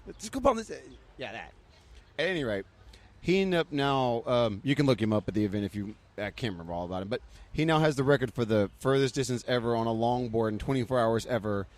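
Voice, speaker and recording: A man talking fast as a podcast guest and racing through an excited story. He acts out what other people said and jumps up in pitch for those quotes. His pitch sits in the middle for a man. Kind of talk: casual chat.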